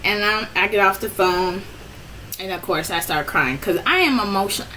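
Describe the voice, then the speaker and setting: A woman telling a personal story in a casual storytime vlog, animated and rambling with many restarts, her voice jumping up when she relives the frustration. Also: mid-range voice, normal speed, slight background noise, poor audio. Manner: rambling with frequent restarts and "I'm like".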